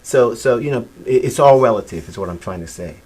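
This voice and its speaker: Animated middle-aged man telling stories. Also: medium pitch, brisk, husky. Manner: animated storyteller with frequent restarts. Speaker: musician guest. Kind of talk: casual interview chat.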